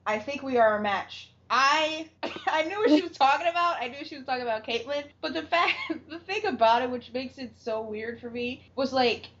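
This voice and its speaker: A woman's voice: high voice, moderate pace, fairly bright tone. A woman casually recapping a TV episode, acting out the characters' lines and laughing often. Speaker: podcast co-host recapping a TV episode. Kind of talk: casual chat. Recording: dull lo-fi recording.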